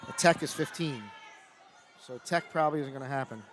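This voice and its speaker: A man giving live color commentary on a high school wrestling match, explaining tactics in a conversational way and getting excited at big moves. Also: fairly quick. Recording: loud gym crowd and noise behind. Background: cheering crowd in a gym.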